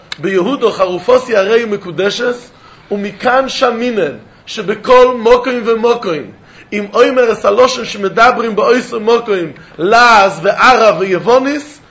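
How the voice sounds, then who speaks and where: A man's voice: sits high, fairly bright tone, lo-fi sound. A man teaching a Talmud lecture, repeating phrases and mixing in Hebrew and terms.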